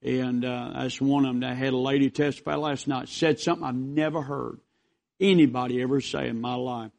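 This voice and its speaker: A man preaches a revival sermon, rambling through stories in a folksy way. His voice has a rough, gravelly edge and stays fairly level in pitch. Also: fairly even intonation, brisk, darkish tone. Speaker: visiting preacher.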